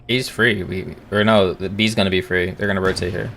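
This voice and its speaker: A man in casual voice chat while gaming, quick and joking. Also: low-pitched, steady tone, fairly bright tone, a little hiss or hum. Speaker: gamer.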